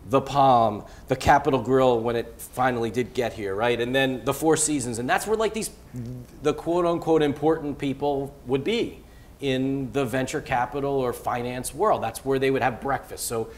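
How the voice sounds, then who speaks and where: Rambling, animated venture capitalist man. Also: medium pitch, normal speed, slight background noise. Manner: animated, rambling, many fillers and restarts. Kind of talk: onstage interview. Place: event hall before a live audience.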